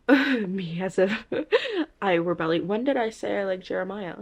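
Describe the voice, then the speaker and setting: A young woman vlogging about a book series, reacting with animated disbelief and reading passages aloud. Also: mid-range voice, a little slow, lo-fi sound. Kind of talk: casual chat reading aloud.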